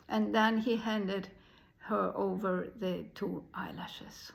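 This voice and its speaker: A woman telling a folk tale in an unhurried way, pausing often. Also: mid-range voice, fairly even intonation, creaky, low-quality recording. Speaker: storyteller.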